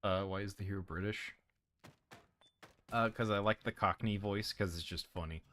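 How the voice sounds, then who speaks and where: A man's voice: on the low side, fairly even intonation, moderate pace, a bit bright. A man streaming a video game, rambling and joking with his chat in a casual way. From United States.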